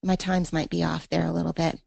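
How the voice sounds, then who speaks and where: A woman's voice: deep voice, level tone, brisk, creaky, mellow, dry recording. A woman teaching a poetry lesson in an online class, thinking aloud with fillers and reading verse in a rhythmic beat. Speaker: literature teacher.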